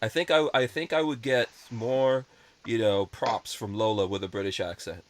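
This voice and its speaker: A man's voice: medium pitch, steady tone, normal speed. A man hosting a podcast in casual chat, talking bluntly and rambling with strong opinions. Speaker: podcast host.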